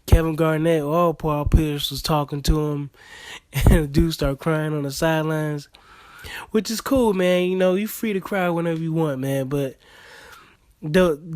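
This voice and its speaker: Rambling man with a bright voice. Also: fairly high pitch, dry recording. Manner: loose, rambling, with laughs and many fillers. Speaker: vlogger. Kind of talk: casual commentary.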